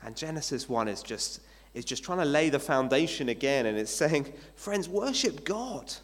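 A man's voice: medium pitch, brisk. A male pastor giving a sermon in a conversational way, asking his listeners rhetorical questions. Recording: long hall reverb.

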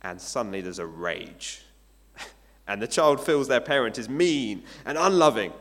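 A man's voice: medium pitch, animated, measured pace. A male pastor giving a sermon in a conversational way, asking his listeners rhetorical questions. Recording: long hall reverb.

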